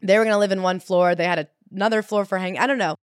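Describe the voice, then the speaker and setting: A woman co-hosting a casual book chat, gossipy and animated, reading quotes aloud. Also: mid-range voice, rapid-fire, smooth, no echo, studio quality. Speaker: podcast co-host.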